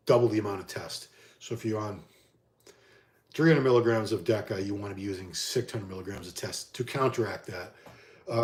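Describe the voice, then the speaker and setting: A man's voice: on the low side, a little mellow, reverberant. Man hosting a casual live chat Q&A. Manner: conversational, answers chat questions one by one, frequent restarts. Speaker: host answering live chat questions.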